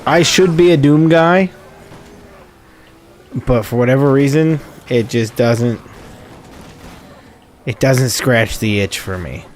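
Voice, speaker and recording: A man hosts a gaming video with rambling, chatty let's-play commentary, correcting himself along the way. His mid-range voice is slow with frequent pauses, and a little hiss or hum sits under it.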